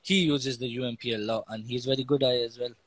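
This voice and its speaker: A young man with a slangy British English accent, a pro esports player answering questions in a relaxed, halting way with many fillers on a live stream. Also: medium pitch, no room sound. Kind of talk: casual interview on a live stream.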